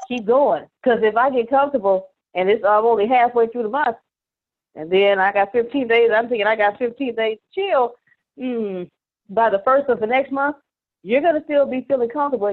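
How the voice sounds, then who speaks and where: A woman's voice: fairly high pitch, normal speed. Brief: motivational woman, emphatic coaching delivery, phone-quality audio. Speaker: group call participant. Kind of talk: motivational casual talk. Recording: tinny phone-line audio.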